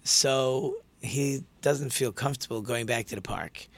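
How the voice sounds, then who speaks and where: A man's voice: mid-range voice, measured pace, gravelly. A man telling a story in a conversational sermon, with many fillers and restarts.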